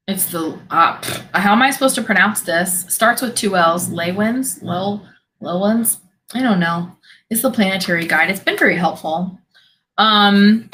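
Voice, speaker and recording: A woman's voice: medium pitch, fairly bright tone, slight background noise, poor audio. A woman hosting a live stream, chatting casually as she answers viewers' questions and laughs often. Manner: chatty, laughs often, reacts to chat comments. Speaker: host of a spiritual live stream.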